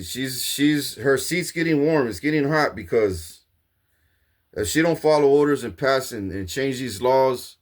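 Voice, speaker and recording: A man delivering a rambling, profane monologue, grandiose and repetitive, with frequent restarts. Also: mid-range voice. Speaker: self-proclaimed king ranting to camera.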